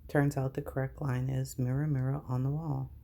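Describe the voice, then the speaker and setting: A woman's voice: extremely low pitch, normal speed, gravelly. A woman vlogging casually, reading items aloud and reacting with exasperated disbelief. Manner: incredulous, exasperated, animated reactions.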